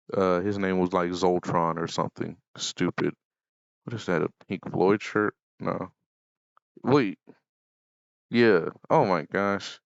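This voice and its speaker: A young man chatting casually as a vlogger, rambling in an offhand way with deadpan asides. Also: deep voice, vocal fry, no room sound. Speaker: YouTuber. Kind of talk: casual commentary vlog. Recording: dull lo-fi mic.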